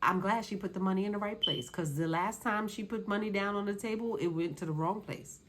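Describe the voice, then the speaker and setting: A woman's voice: mid-range voice, fairly quick, fairly bright tone, a little hiss or hum. Sassy, dismissive woman reviewer. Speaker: reality show reviewer. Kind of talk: casual commentary.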